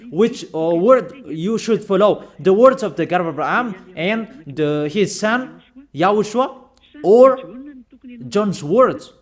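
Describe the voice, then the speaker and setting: A man preaching a sermon, admonishing his listeners emphatically with slow, deliberate phrasing, pauses and rhetorical questions. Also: high voice.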